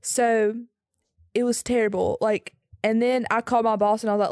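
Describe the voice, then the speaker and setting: A young woman, slightly hoarse and raspy from screaming, telling a story in casual podcast chat with quick asides. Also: a little high, flat delivery, a little mellow, no echo, clean studio sound. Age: young adult. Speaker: podcast co-host.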